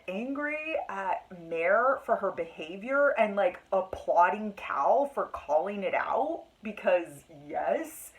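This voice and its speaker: A woman's voice: mid-range voice, low-quality recording. A young woman in a casual reading vlog, talking emotionally and dramatically about a book she just finished, with frequent fillers. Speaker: book vlogger.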